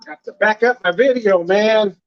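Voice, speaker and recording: Older man, laid-back rambling livestream host, slightly high voice, dull webcam recording. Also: moderate pace, dry recording. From Southern California. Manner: rambling, laughs often, swears casually. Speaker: wine vlogger. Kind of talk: casual livestream chat. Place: home room.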